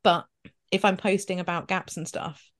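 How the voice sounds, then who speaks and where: A woman's voice: on the low side, fairly even intonation, moderate pace. Chatty, giggly woman. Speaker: podcast co-host. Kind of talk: casual chat.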